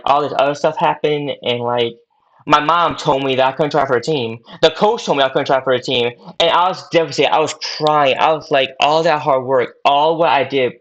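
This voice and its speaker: A man's voice: on the high side, a bit bright. Young male podcast guest, casual rambling storyteller, repeats himself, lo-fi recording. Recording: dull lo-fi audio.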